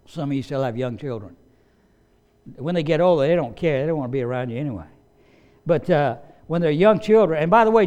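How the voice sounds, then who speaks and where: A man's voice: sits high, a little mellow, clear, resonant tone. Man preaching in a conversational way. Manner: conversational preaching with asides and occasional coughs. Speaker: pastor. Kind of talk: sermon. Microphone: slides and study sheet, speaking to a congregation.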